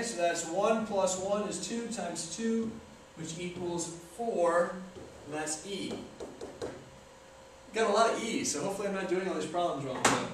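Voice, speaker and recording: A young man talks casually and jokes at his own expense while filming himself. His voice sits fairly high, and the room rings with strong echo, caught by a camera mic some distance away with a faint hiss. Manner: joking, self-deprecating, chatty. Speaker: video maker. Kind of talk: casual self-filmed tutorial talk. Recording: echoey room from far off, faint noise.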